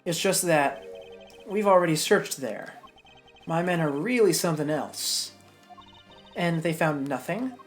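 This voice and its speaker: A woman's voice: low voice, expressive, unhurried, pauses often, soft background music. A woman reading a curt, blunt agent.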